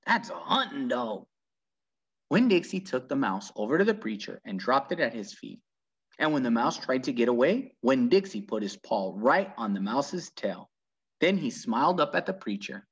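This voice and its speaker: Male reader, children's book read-aloud, husky, dull lo-fi recording. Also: mid-range voice, normal speed. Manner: very lively, animated storytelling.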